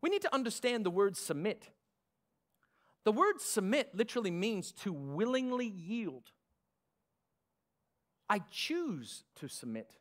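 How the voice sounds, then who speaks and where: A male pastor with an Australian accent preaching a sermon, lively with sarcastic asides. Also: high-pitched, unhurried, pauses often.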